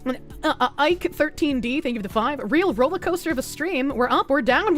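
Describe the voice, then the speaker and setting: High-voiced Boston woman chatting casually. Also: expressive, soft background music. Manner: loose, profane, quick to laugh. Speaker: streamer. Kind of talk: casual chat reading viewer comments.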